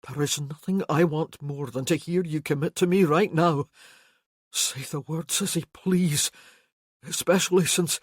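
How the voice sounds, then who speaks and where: A woman voicing a bold Highland warrior man in an audiobook, with a firm, loud, coaxing delivery. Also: a little slow, husky, no room sound, studio quality. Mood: earnest.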